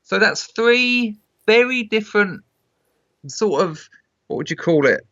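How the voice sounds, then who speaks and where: Bright-voiced man, probing questions. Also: high-pitched, lively intonation, measured pace, dry recording, muffled recording. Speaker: guest, novelist. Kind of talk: casual conversation.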